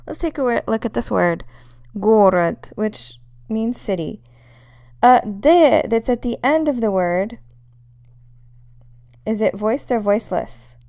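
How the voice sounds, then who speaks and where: A woman's voice: a little high, lively intonation, slow, long pauses, darkish tone. A woman teaching a pronunciation lesson, patiently demonstrating sounds one at a time. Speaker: language teacher.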